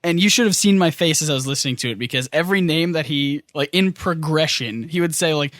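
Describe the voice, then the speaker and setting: A man's voice: on the high side, quick pace, fairly bright tone, dry recording, studio quality. A man co-hosting a casual podcast chat, telling stories with lots of fillers. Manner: rambling storyteller, many fillers. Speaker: podcast co-host.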